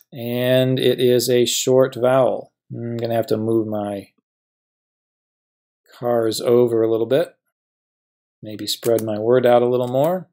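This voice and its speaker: Here a male professor teaches grammar with an unvarying, level pitch. Each example gets patient treatment, and he fills the lesson with questions he goes on to answer.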